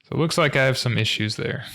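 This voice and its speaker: A man in a casual coding tutorial, speaking in a low-key monotone. His voice is mid-pitched with a gravelly, fry-tinged edge. He sounds tired, pausing on ums and trailing off with small laughs. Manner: low-key, monotone, self-described as not very expressive; rambling with frequent ums and soft laughs. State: tired late at night. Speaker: programming tutorial host. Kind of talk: casual screen-recorded coding talk.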